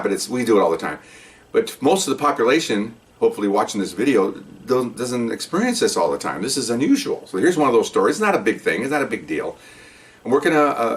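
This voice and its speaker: A man's voice: on the low side, a bit bright, recorded from a distance. An older man, a retired police officer, telling a story from his career in a casual, rambling way, often repeating and restarting words.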